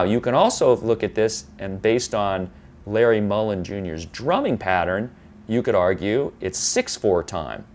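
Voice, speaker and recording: A man with a lowish voice walks through a guitar part in a tutorial. He explains patiently, counts beats aloud and sometimes stops to correct himself, with an electric guitar playing faintly behind him. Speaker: guitar teacher.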